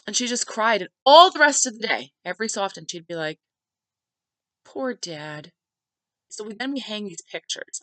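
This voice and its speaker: Woman podcast host with a bright, tense tone and a dry, close sound; a heartfelt, chatty storyteller who says "like" a lot. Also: mid-range voice, no room sound, poor audio. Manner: conversational, heartfelt, many filler "like"s. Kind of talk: personal storytelling monologue.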